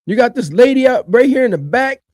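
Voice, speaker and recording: A man giving animated reaction commentary on a video, colloquial, swinging from low mutters to loud high shouts. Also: fairly quick, no echo.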